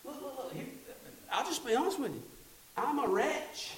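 Very high-voiced and slightly bright, a male pastor preaches at a moderate pace with lively intonation, leading call-and-response and rising to fervent peaks. The sound comes from a distance in an echoey church sanctuary.

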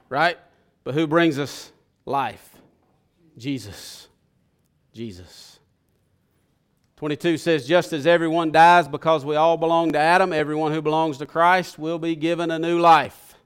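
A man's voice: on the high side, clean tone. Impassioned preacher man. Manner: impassioned preaching, swelling loud then dropping to a hush. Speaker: pastor. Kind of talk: sermon.

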